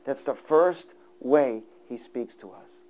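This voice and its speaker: A middle-aged male preacher giving a sermon, swinging between loud, fervent passages and hushed, near-whispered lines. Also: mid-range voice, slow, poor audio.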